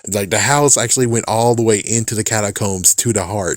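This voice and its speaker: Man, lowish voice, dry close sound, rambling profane movie recap, casual. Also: fairly quick, dry recording. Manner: rambling, profane, laughs often. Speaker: movie reviewer.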